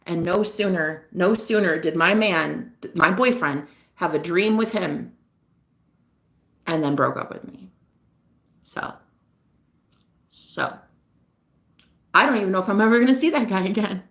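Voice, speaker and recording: A woman's voice: lowish voice, animated, unhurried, long pauses, a bit bright. A young woman vlogging at night, sad and unable to sleep, rambling candidly and swearing as she tells a personal story. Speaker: vlogger and psychic reader. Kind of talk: confessional late-night vlog.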